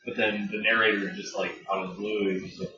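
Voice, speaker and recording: A man's voice: fairly low pitch, flat delivery, quick pace. A man co-hosting a podcast in casual chat, rambling and laughing with many fillers. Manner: rambling, laughing, full of likes. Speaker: podcast co-host. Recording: distant, dull, roomy mic with chatter behind.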